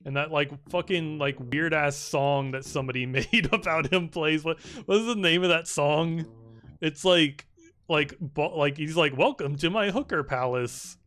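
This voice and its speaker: Unhurried and fairly high-pitched, a young man chats through his video game stream in an excitable, meandering way, swearing freely and filling gaps with "like."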